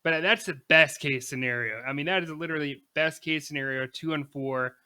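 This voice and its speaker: A young man co-hosting a casual sports podcast, animated and emphatic, quick to laugh. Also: a little high, clean tone. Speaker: podcast co-host.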